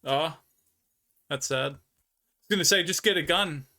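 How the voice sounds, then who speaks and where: Bright-voiced Australian man chatting on stream. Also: a little high, moderate pace. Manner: rambling storyteller, laughs often. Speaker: livestreamer. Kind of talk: casual chat with viewers.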